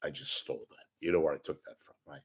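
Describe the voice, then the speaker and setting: A man hosting his own show, ranting casually to camera in a rambling, wisecracking, profane way, often clearing his throat. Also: extremely low pitch, fast talker. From San Francisco Bay Area. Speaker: host of a media commentary show. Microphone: webcam or camera at desk.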